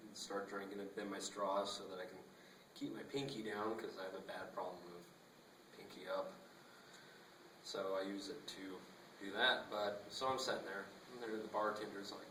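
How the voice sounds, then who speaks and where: A man's voice: lowish voice, fairly even intonation, moderate pace, noisy background. A young man casually telling a rambling story, acting out the dialogue and laughing often, recorded on a phone. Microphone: phone camera. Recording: echoey phone recording from a distance.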